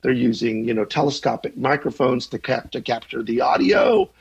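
A husky, gravelly-voiced man in his fifties answers as an interview guest. He teaches journalism and talks in a thoughtful, rambling way, restarting sentences and chuckling now and then. The audio sounds dull and lo-fi. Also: mid-range voice, huge pitch swings, normal speed. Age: 50s. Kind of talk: conversational interview.

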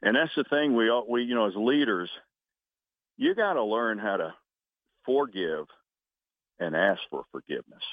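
A man in his sixties, a retired military officer, giving earnest, halting interview answers over a phone call and closing each one with "over". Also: fairly low pitch, lively intonation, no room sound. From United States. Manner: earnest, halting, frequent restarts, says "over" after answers. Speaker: retired Coast Guard vice admiral, guest. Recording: tinny phone line.

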